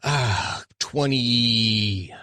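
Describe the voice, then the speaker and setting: A man's voice: mid-range voice, very slow, bright, forceful tone, no room sound, clean studio sound. A middle-aged man hosting his own podcast, talking candidly and self-deprecatingly in a rambling casual monologue. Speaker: podcast host.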